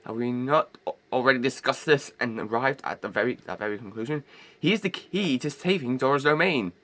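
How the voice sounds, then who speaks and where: A man puts on a giant, kindly old fish king in an amateur game voice-over. He speaks in lofty, old-fashioned phrases. His voice leaps around a wide range with a bright, forceful edge. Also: medium pitch, expressive, a little fast. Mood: grave. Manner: formal, grand old-fashioned speech. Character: huge regal old male fish king, warm-hearted.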